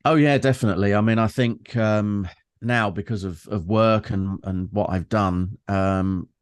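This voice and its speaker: A man's voice: lowish voice, fairly even intonation, a little slow, smooth, dry recording, clean studio sound. A man in his fifties with a London accent, chatting as a podcast guest and telling stories in a reflective, meandering way with lots of fillers. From London, England. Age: 50s. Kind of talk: casual conversation.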